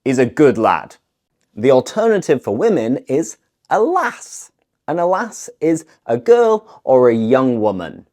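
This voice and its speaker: Slow, lively Northern English woman teaching. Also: low voice. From north of England. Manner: clear, deliberate teacher delivery, acting out example phrases. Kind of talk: scripted language lesson.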